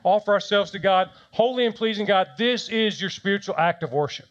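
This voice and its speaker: A man's voice: high-pitched, fairly quick, a bit bright, dull audio. A man preaching a conversational sermon, telling stories with self-deprecating humor. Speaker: pastor.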